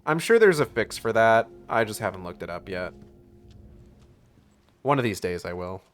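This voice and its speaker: A man's voice: lowish voice, sing-song, moderate pace, a bit bright. A man streaming a video game, chatting casually and sarcastically, swearing and reading on-screen text aloud. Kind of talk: casual gameplay commentary.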